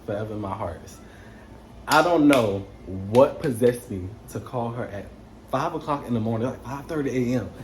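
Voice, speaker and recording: A young man in the middle of a storytime, talking straight to his viewers in loose, slangy speech full of curses. His voice sits at an ordinary middle pitch. Behind him there is a faint background hum. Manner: animated, swears freely, slangy street talk. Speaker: vlogger telling a story. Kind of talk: casual storytime.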